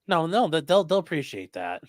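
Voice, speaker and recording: Lively, joking livestream host. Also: medium pitch, fairly quick, dry recording, studio quality. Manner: joking, teasing. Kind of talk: casual chat reacting to a trial stream.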